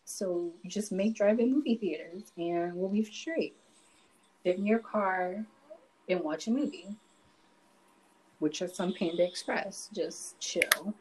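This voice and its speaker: A woman's voice: on the low side, slow, darkish tone, poor audio. A woman co-hosting a podcast in casual chat, laid-back and joking. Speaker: podcast co-host. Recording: faint background noise.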